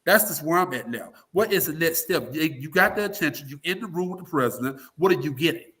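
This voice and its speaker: Quick-paced and animated in intonation, a man with a slightly high, pushed, bright voice holds forth in an opinionated interview. He's a talk radio personality appearing as a political guest, blunt and emphatic, often cursing and impersonating those he quotes.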